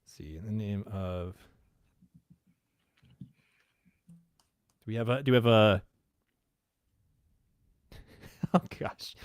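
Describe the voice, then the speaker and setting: A man's voice: lowish voice, measured pace, pauses often, clear, resonant tone, no echo. A man co-hosting a casual podcast livestream, hesitating with lots of ums and laughing often. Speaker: podcast co-host. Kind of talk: casual livestream chat, word game.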